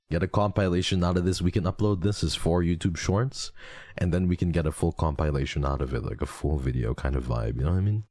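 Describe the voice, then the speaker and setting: A man's voice: low-pitched, quick pace, a little mellow. A man streaming a horror game, talking to his chat in a playful way and hamming up exaggerated scared moans, whimpers and gasps. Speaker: VTuber streamer.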